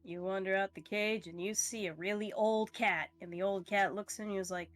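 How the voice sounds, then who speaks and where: A woman game master narrating a pet tabletop adventure at a middle pitch. She meanders, with frequent fillers and easy laughter. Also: fairly even intonation, fairly quick, few pauses.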